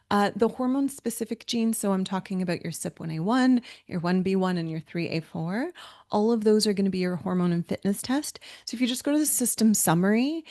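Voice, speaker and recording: A woman's voice: mid-range voice, a little mellow. Upbeat woman hosting a health webinar. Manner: upbeat, frequent "yeah" affirmations, practical coaching tone. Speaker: webinar host. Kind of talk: conversational webinar, moderating questions.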